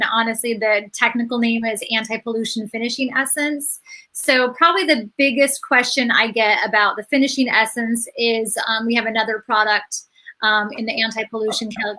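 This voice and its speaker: A woman's voice: a little high, pushed and bright, poor audio. A woman explaining skincare products on a live beauty chat, in an explanatory way with many fillers. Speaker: skincare brand educator.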